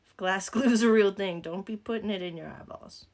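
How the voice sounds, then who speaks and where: Creaky-voiced Southern woman chatting. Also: mid-range voice, fairly quick, a little mellow. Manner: joking, rambling asides. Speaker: makeup vlogger. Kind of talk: casual chatty tutorial.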